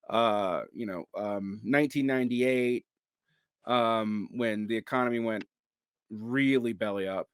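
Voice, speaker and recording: A man's voice: mid-range voice, clean tone, no echo. A man hosting an interview, asking long questions hesitantly, searching for words with frequent ums. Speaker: host.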